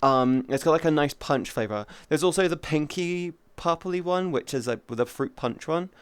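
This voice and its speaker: A man's voice: a little high, moderate pace, smooth, no echo. A man, casually chatting with viewers on a stream, a little tired and rambling with many fillers.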